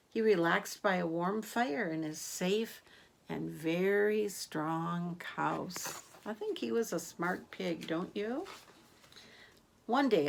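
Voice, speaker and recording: Brief: woman storyteller for children, unhurried read-aloud, questions to the listener. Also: lowish voice, vocal fry, slight background noise. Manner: gentle, asks the listener questions.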